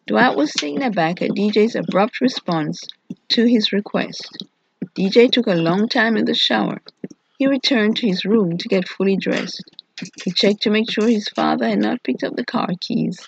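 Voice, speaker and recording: Audiobook narrator, gravelly and breathy, kinda dull lo-fi sound. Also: medium pitch, moderate pace, a little hiss or hum. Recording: muffled lo-fi recording.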